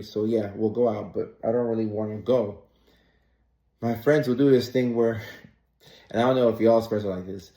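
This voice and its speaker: A man in his thirties tells a story the way he'd tell it to a friend, relaxed and conversational, with the odd comic aside. His voice sits low and sounds dark and mellow. The room around him gives it a noticeable echo. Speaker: content creator and comedian. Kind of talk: casual direct-to-camera chat.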